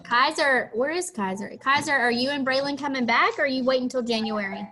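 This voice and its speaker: A friendly woman teacher calls in to her online class. Her voice sits high, and she chats with her students in a loose, casual way. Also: a little fast, a crowd in the background. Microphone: headset microphone, then computer mic.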